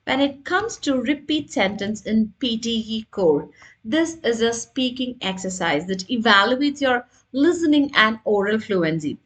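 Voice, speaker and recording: A woman's voice: a little high, expressive, measured pace, a bit bright. A woman teaching an online exam prep lesson, explaining step by step and checking in with her listeners. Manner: explanatory, checks in with "right?" and "got it?".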